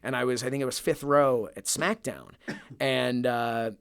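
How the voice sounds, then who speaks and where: A man's voice: mid-range voice, measured pace, gravelly, clear, resonant tone, dry recording, clean studio sound. A young man co-hosting a podcast in casual chat, who laughs often and rambles with plenty of fillers. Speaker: podcast co-host.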